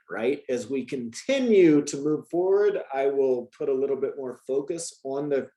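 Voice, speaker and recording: In a roomy-sounding recording, a man gives an informal Spanish lesson in a mid-range, slightly mellow voice. He works through it out loud, restarting often and tossing in "right?" again and again in a chatty way.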